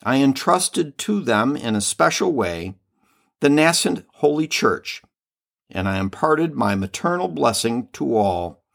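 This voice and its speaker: A man reading the part of a loving heavenly mother and queen, slow, solemn and tender, in a devotional reading. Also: medium pitch, creaky, heavily acted.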